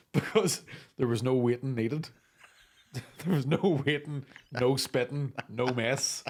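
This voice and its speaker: A man, a comedian hosting a podcast, telling stories in casual banter, animated and full of swearing. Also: medium pitch, slow pace, pauses often.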